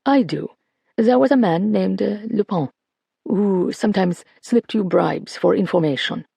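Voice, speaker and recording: A narrator gives voice to a determined woman who keeps her tone calm and controlled. She speaks measured and a little quieter, with a gravelly texture, in a dry close sound. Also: mid-range voice, dry recording, exaggerated voice. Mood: calm, probing. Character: calm, determined woman, former jewel thief.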